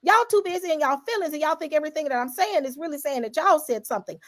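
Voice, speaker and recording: Woman panelist, high animated voice, emphatic and blunt. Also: fast talker. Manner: forceful, emphatic, colloquial. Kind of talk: heated panel discussion.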